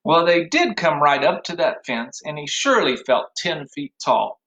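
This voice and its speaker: A man's voice: fairly high pitch, sing-song, normal speed, few pauses, fairly bright tone, lo-fi sound. A man teaching an online music class for young children, with sing-song call-and-response. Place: home room, recording to a computer.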